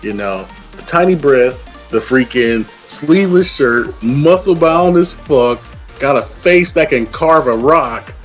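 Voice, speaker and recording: A man's voice: mid-range voice, slow. A man with a mid-range voice rants his way through a casual show review. He swears freely and slips into mocking quoted voices as he retells the story. Faint music sits behind him. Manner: animated profane ranting, acts out characters' lines while retelling the plot. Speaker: co-reviewer guest.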